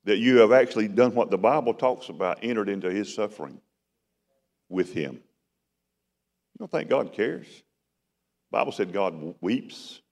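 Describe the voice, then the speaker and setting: A man's voice: lowish voice, moderate pace, a little mellow. A man preaching a sermon in a conversational style that rises to emphatic bursts. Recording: long hall reverb.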